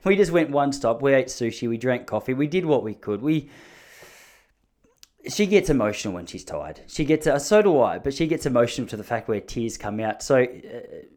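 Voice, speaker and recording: A man's voice: medium pitch, a little mellow. Aussie guy in his 30s rambling through a funny story, jokes at his own expense. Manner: rambling, joking, self-mocking. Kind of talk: casual storytelling monologue.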